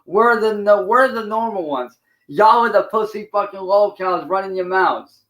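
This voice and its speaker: A man's voice: high-pitched, normal speed, a bit bright, reverberant, rough recording. A man hosting a livestream, ranting angrily and swearing. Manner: angry, profane, ranting. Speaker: livestream host. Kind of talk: heated livestream rant.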